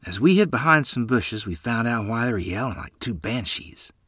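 Brief: man narrating a memoir, animated pitch, dry close sound. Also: normal speed, breathy edge, dry recording. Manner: lively storytelling. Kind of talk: reading a memoir story aloud.

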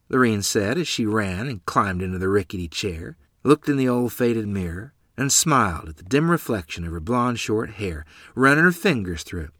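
A man narrating a first-person story in an expressive, storytelling style. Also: on the low side, moderate pace, hardly any pauses, no room sound, studio quality.

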